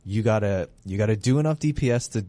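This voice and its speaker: Man, low voice, podcast host, casual gaming talk, eager and rambly. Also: fast talker, mellow, no echo. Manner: enthusiastic, rambling with restarts.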